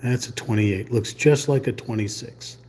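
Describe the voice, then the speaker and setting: A man giving casual running commentary while painting on a live stream. He mutters quietly to himself and thinks aloud as he works. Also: medium pitch, normal speed, slight background noise.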